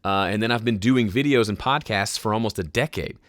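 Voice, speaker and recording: A man hosting a casual live question-and-answer podcast, with a smooth, polished speaking voice and a relaxed, conversational way of explaining. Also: fairly low pitch, a little fast, dry recording, studio quality. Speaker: host answering viewer questions. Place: home studio.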